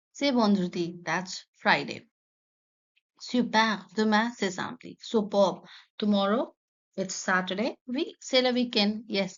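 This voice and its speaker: A woman teaches a French lesson, going through conjugations one step at a time and translating each phrase. Her voice has a gravelly fry in it. The recording sounds dull and lo-fi. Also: mid-range voice. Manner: methodical, reads French then translates. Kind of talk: explaining a textbook lesson.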